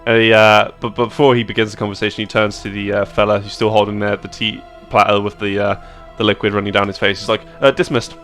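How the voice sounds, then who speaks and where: A man narrating as game master of a tabletop game, relaxed and descriptive. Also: fairly low pitch, fast talker, few pauses, faint music behind.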